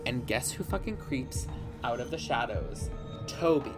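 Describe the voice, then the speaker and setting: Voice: mid-range voice, expressive, unhurried, music in the background. A podcast host giving a comic, rambling plot recap with dramatic "guess what" beats.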